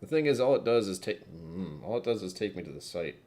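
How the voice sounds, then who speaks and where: A man's voice: deep voice, very animated, a little fast, darkish tone. A man hosting a whiskey tasting livestream, chatting casually with viewers in a wry, self-mocking way.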